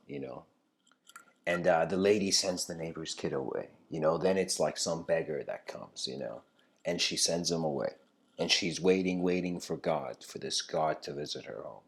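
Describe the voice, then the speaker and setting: A man giving an improvised lecture that mixes a story with reflection, talking loosely with lots of fillers. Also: sits low. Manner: loose, filler-heavy, with frequent "you know".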